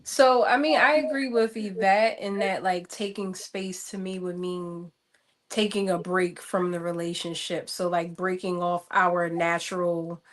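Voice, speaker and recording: Lowish woman explaining with like. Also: steady tone. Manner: measured, uses like as a filler. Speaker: panel guest. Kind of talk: casual panel chat.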